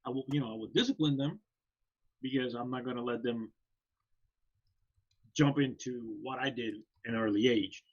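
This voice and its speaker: A man's voice: mid-range voice, moderate pace, pauses often, breathy edge, muffled recording. A man co-hosting a casual podcast chat, talking loosely with many fillers. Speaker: podcast co-host.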